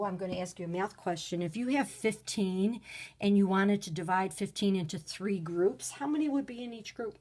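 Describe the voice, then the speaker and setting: A woman teaching a recorded grade-school lesson, patient and clear, sometimes reading example sentences with lively exclamations. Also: medium pitch. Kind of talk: recorded video lesson for children.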